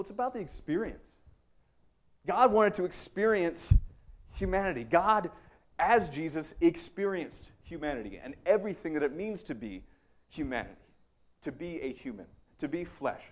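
A young man preaches in a relaxed, conversational way, poking fun at himself and checking in with the room with "right?" again and again. His voice sits a little high for a man. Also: normal speed. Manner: conversational, self-deprecating, frequent "right?" asides. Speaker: pastor. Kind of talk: sermon.

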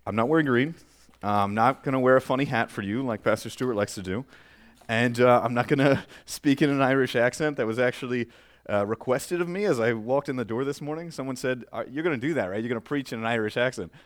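Young man, preacher, conversational sermon, joking asides, church microphone, mid-pitched voice. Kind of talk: casual sermon with prayer. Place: church sanctuary. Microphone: microphone with feedback.

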